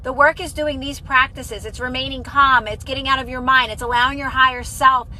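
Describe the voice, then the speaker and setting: A woman's voice: sits high, steady tone, brisk, pushed and bright, slight background noise, low-quality recording. A young adult woman chatting on a phone live stream about manifestation, rambling and restarting sentences, earnest and encouraging. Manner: rambling, restarts sentences often, many "like" fillers. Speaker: manifestation content creator. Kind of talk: casual live-stream chat answering viewers.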